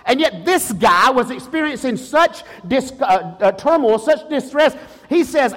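A man's voice: very high voice, expressive, a little slow, a bit bright. A man pastor preaching a sermon with passion, often restarting phrases and calling out to the congregation. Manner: impassioned preaching, rhetorical calls to the congregation; frequent restarts and repetitions. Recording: long reverb of a large hall.

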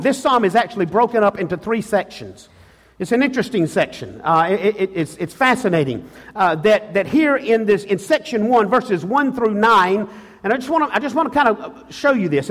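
A man with a very high voice preaches a sermon in a church sanctuary, his words ringing through a long hall reverb. He repeats and restarts phrases and calls out questions to the congregation. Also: fairly bright tone. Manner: frequent restarts and repetitions. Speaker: pastor.

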